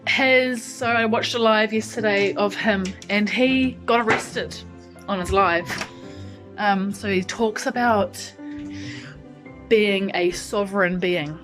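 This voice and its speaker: A vlogger chats casually to camera in her lounge at home, thinking aloud and rambling with plenty of ums, and breaks off mid-story to talk to her cat. Her voice is medium-pitched and slow, with music playing behind and poor audio quality.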